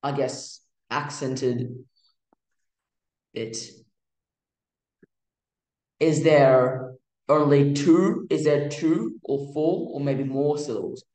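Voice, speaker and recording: A man teaching music theory in a casual, halting way, with many fillers and restarts. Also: medium pitch, darkish tone, roomy sound, poor audio. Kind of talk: casual explanatory lesson.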